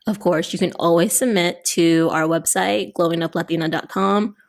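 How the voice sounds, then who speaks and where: A woman's voice: lowish voice, fairly even intonation, moderate pace, creaky. Giggly, chatty woman podcast co-host. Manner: giggly, chatty, laughs often. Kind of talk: casual podcast chat.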